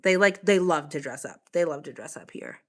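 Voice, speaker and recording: A woman's voice: sits low, animated, a little fast. Chatty woman with a Boston accent. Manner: chatty, swears freely, reads chat aloud. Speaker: livestream host. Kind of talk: casual live-stream chat. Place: home, on a couch with a blanket.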